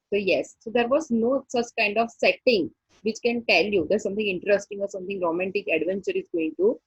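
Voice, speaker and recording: A woman, teaching a story and explaining each line slowly, repeating points and checking with "okay". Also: fairly high pitch, breathy edge, no room sound, highs cut off. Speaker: English teacher. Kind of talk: classroom lesson explaining a story.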